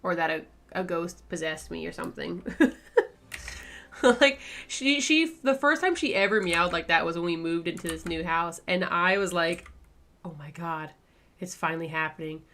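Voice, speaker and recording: A woman's voice: fairly low pitch, normal speed, creaky, a bit bright, a little hiss or hum. A woman chatting casually on her art stream, rambling with lots of fillers and little laughs. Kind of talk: casual chat while drawing on stream.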